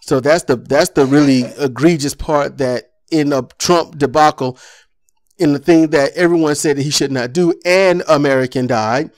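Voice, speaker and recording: A man's voice: medium pitch, a little mellow. A man delivering an impassioned political commentary monologue, ranting with rhetorical questions.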